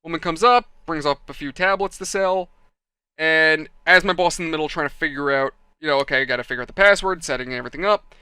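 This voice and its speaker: A man telling a rambling story in a chatty, animated way while building a model kit. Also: fairly high pitch, fast talker, clean tone, no echo. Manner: chatty, animated, acts out quoted people.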